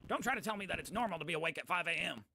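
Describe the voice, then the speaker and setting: A man putting on the voice of a smug, know-it-all online commenter, in a high mocking whine. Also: lively intonation, very fast, vocal fry, sharp tone, heavily acted.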